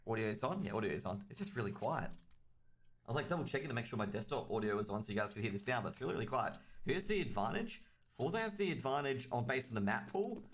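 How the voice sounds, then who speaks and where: Australian man, esports caster, rambling, chatty, solo stream commentary, mid pitch. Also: very animated, fast talker, a little hiss or hum. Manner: rambling, chatty, talks straight to chat. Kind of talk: solo livestream game commentary.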